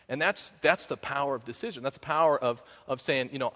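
A man's voice: medium pitch, quick pace, hardly any pauses, bright, forceful tone. A man giving a conversational sermon as a pastor, often asking the congregation "right?" and breaking into bits of song. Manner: conversational, keeps asking "right?", sings snatches of songs. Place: church sanctuary. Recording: long hall reverb.

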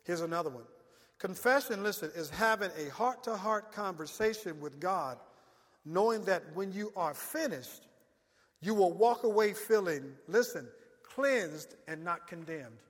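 A man's voice: sits high, animated, a little slow, in a large hall. A male pastor preaching a sermon in call-and-response style, often telling the congregation to listen.

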